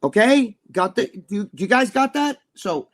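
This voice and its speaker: A man's voice: sits high, very animated, normal speed, a bit bright. A man talking as a podcast guest, telling blunt, profane stories and checking in with his listener as he goes. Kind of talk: casual chat on a live-streamed podcast.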